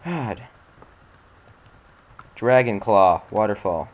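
A man's voice: on the low side, expressive, very slow, darkish tone. A man hosting a let's-play, giving casual gameplay commentary while exasperated, muttering and swearing at the game.

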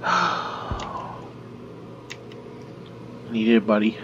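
A man narrating a horror game as he plays, nervous and joking, talking to the monster to calm it. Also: lowish voice, extremely slow. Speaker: gaming video creator. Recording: dull lo-fi with loud background noise.

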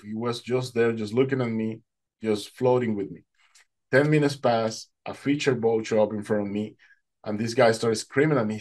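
A man giving a personal faith testimony, telling his story in an animated way and acting out what people said. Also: mid-range voice, normal speed. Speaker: testimony speaker.

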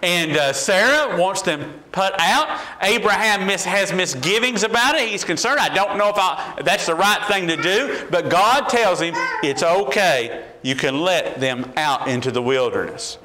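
A man's voice: high voice, animated, measured pace, hardly any pauses, sharp tone, rough recording. A man preaching a sermon as a pastor, asking the congregation repeated questions and building in intensity.

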